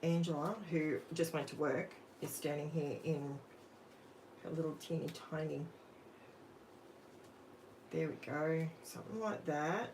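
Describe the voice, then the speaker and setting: A woman's voice: low voice, unhurried, pauses often, a little mellow, slight background noise. A middle-aged woman with an Australian accent, chatting casually with viewers on a live craft stream in her home craft room. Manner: chatty, talks straight to viewers in the chat while crafting. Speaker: craft channel host. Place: home craft room under overhead lights.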